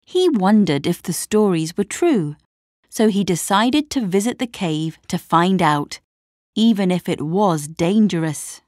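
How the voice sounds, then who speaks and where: A woman narrating a story slowly and clearly for language learners. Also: on the low side, no echo, clean studio sound. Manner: clear, expressive, measured.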